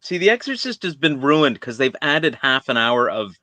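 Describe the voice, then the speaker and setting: Animated, opinionated man ranting about films. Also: mid-range voice, normal speed, no echo. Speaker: guest. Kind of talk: casual film chat.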